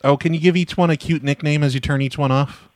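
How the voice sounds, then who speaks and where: A man's voice: fairly high pitch, fairly even intonation, fast talker, no echo. A man making a prank phone call as a fake technician, asking silly, childish questions with frequent stammers. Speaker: prank caller posing as a technician.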